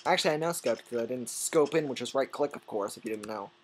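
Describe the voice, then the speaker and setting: A man doing goofy, rambling solo game commentary with sudden yelling outbursts. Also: medium pitch, quick pace, slight background noise, poor audio. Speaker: gameplay commentator.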